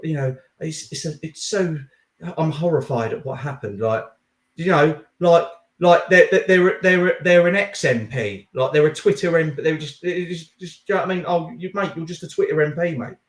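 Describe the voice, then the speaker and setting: A man's voice: a little high, normal speed. A man hosting a casual political chat, heated and blunt, swearing and saying mate often. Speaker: podcast host. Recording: echoey room.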